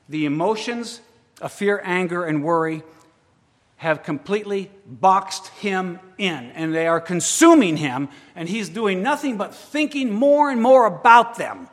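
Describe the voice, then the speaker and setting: Male preacher, slightly high voice, dramatic delivery, long hall echo. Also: expressive, measured pace. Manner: dramatic, voices the worried psalmist in first person. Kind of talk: sermon.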